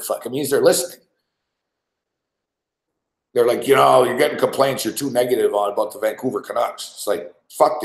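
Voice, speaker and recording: A man's voice: medium pitch, vocal fry. A man hosting a podcast, telling a rambling, profane story in casual chat and laughing often. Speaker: podcast host. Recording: roomy echo.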